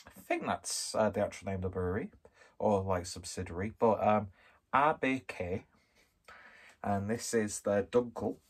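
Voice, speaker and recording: Husky low-voiced man. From Skelmersdale, northwest England. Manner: rambling, self-deprecating, jokey. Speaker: beer reviewer. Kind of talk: casual beer review chat.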